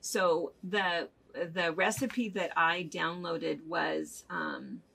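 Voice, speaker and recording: A woman's voice: on the low side, fairly even intonation, very slow, vocal fry, sharp tone, husky. An older woman co-hosting a casual chat show, telling stories in a chatty way and laughing often as she goes. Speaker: co-host of a fabric shop chat show.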